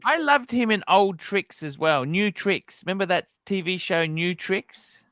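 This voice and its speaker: A man's voice: sits high, animated, measured pace, a bit bright, no echo. A man hosting a casual livestream, chatting with his guests, asking them questions and swearing freely. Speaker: livestream host.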